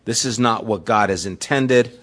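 A man's voice: lowish voice, moderate pace, fairly bright tone. A man preaching a sermon as the pastor, retelling scripture in everyday, conversational words.

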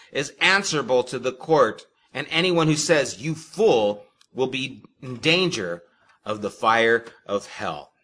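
A man preaching a sermon, addressing the congregation directly with emphatic, expressive delivery and sharp swings in loudness. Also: a little high. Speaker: pastor.

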